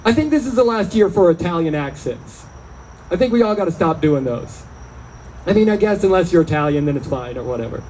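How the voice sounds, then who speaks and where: High-voiced wry stand-up comic. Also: male voice, animated, a little fast, a little mellow, slight background noise, poor audio. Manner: chatty, wry, riffing with the crowd. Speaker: stand-up comedian. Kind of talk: stand-up set. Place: small bar or club, live show.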